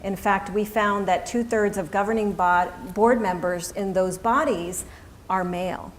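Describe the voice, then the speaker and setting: A middle-aged woman moderating a public forum, asking questions in a measured, earnest way. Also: mid-range voice, fairly even intonation, a little hiss or hum.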